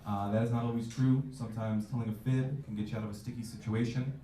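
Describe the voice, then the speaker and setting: A man's voice: mid-range voice, steady tone, quick pace, warm tone, slight background noise. Brief: twenties male stand-up comic, self-mocking, jumps into voices, roomy distant club audio. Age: 20s. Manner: loose, self-mocking delivery with jumpy acted-out voices. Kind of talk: stand-up comedy set. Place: comedy club stage. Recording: echoey club audio from far off.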